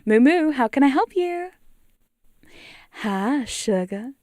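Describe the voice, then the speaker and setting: A woman's voice: high-pitched, lively intonation, slow pace, a little mellow, dry recording, clean studio sound, voice pushed up. Woman putting on a sweet Southern cowgirl drawl. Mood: flirty. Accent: mock American Southern. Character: flirty southern cowgirl phone operator.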